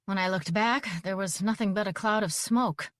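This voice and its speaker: A woman narrator voicing a brisk, dry-humored grandmother in an audiobook. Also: medium pitch, a bit bright, no room sound, close to an everyday voice.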